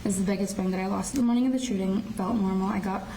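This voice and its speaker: A teenage girl reading her prepared statement in a courtroom, quiet and subdued, often stopping to restart phrases. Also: medium pitch, steady tone, fast. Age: teens. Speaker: shooting survivor giving a victim impact statement. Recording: distant courtroom audio with faint noise.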